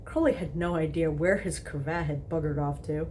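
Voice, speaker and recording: A woman's voice: low-pitched, moderate pace, darkish tone, a little hiss or hum. A woman casually reading a story aloud, stumbling and repeating words, with giggly asides. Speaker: host reading fan fiction aloud.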